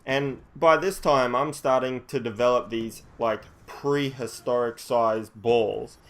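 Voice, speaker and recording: A man's voice: mid-range voice, slow. Man telling a story, swearing freely. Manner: animated, swears freely, rambling restarts. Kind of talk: casual storytelling.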